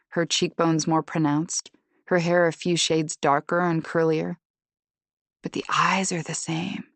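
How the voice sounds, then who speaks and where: Low-voiced woman reading a tense thriller. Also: no room sound. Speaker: audiobook narrator. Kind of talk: first-person thriller audiobook narration.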